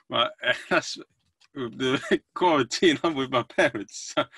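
A man's voice: medium pitch, sharp tone, husky, no echo. A man hosting a podcast interview, who laughs easily and answers with short encouraging replies. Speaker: podcast host. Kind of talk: casual interview chat.

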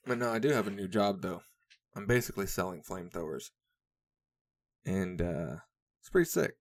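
A man's voice: sits low, animated, moderate pace, pauses often. A young man hosting a podcast, chatting casually on his own, rambling and swearing with frequent laughter. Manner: rambling, profane, laughs often. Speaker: podcast host. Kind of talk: casual solo podcast chat.

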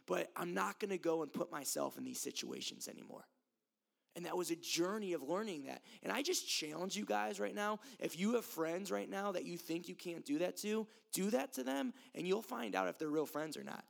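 A man's voice: sits high, gravelly. A young man from the United States giving a casual, earnest sermon, talking straight to his listeners and laughing at himself now and then. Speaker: youth preacher.

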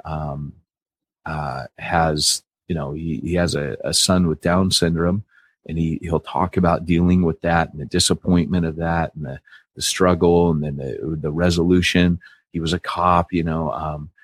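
Deep husky-voiced man on a podcast. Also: dry recording. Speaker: church planting podcast host. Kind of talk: candid podcast conversation.

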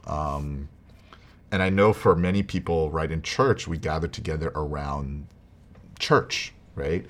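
A man with a very low, deep voice recaps his week in a personal faith vlog. He talks earnestly and a bit preachily, with casual asides and frequent "right?" checks. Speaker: faith vlogger.

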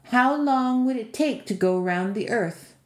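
A woman voicing a hungry, cruel three-headed male giant who asks riddles slowly and menacingly, in a storybook reading. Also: fairly high pitch, expressive, a little mellow, reverberant, pitched above the performer's own voice.

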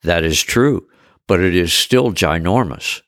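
A man's voice: deep voice, lively intonation, unhurried, a bit bright, no room sound, clean studio sound, exaggerated voice. A man voicing a flirtatious female android companion with chirpy, stiff robotic phrasing.

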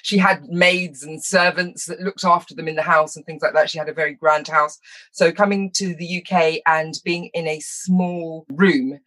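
Bright-voiced woman. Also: low voice. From London, England. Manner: lively and self-mocking, laughs often, slips into quick impressions. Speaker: interviewee. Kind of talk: personal storytelling in conversation.

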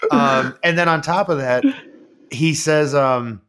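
A man's voice: on the high side, takes it slowly. A man co-hosting a podcast in casual chat, rambling and swearing freely as he tells stories. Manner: profane, rambling, animated storytelling. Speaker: podcast co-host.

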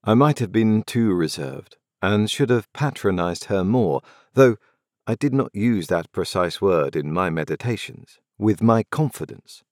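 A man narrating a novel in the first person, measured and reflective. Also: fairly low pitch, lively intonation, a little mellow, no echo, clean studio sound. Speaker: audiobook narrator.

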